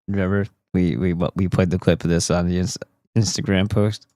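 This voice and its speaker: A man's voice: deep voice, steady tone, moderate pace, dark tone, no room sound, studio quality. A man hosting a livestream who gives casual, blunt commentary and often stumbles over repeated words. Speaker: livestream host.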